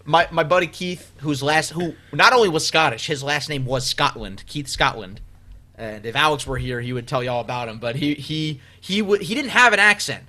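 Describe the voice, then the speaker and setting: Bright-voiced rambling male podcast host. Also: fairly high pitch, moderate pace. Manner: rambling, animated, many fillers. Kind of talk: casual comedy podcast chat.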